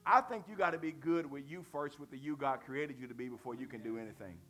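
A man preaching a sermon in a lively, conversational way, asking the congregation questions and using slang. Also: medium pitch, fast talker, faint music behind.

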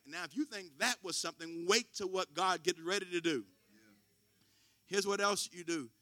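Bright-voiced preaching man, dry. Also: a little high, no room sound. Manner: storytelling, swings from quiet to loud preaching; folksy, informal grammar. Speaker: pastor. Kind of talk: sermon.

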